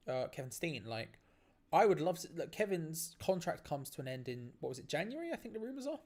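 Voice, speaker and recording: A man hosting a live stream, giving excitable play-by-play reactions to a match, laughing often and restarting his phrases. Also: fairly high pitch, a little fast. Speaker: watch-along stream host.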